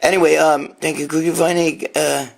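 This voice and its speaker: Gravelly profane New man. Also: a little high, level tone, brisk. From New York. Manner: profane, rambling, reads comments aloud. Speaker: host answering viewer questions. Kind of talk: casual live-stream chat. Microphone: phone.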